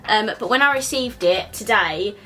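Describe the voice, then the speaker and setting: Bright-voiced young woman, chatty. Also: mid-range voice, lively intonation, moderate pace. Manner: chatty and gushing, with frequent "like" and "um". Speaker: beauty vlogger. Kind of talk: casual product review.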